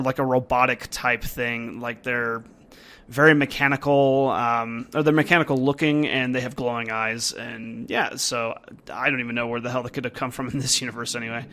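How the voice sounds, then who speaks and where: A man's voice: mid-range voice, bright, forceful tone. Casual young man rambling over gameplay. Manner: casual and rambling, with many fillers. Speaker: game reviewer. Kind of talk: let's-play commentary and reading dialogue aloud.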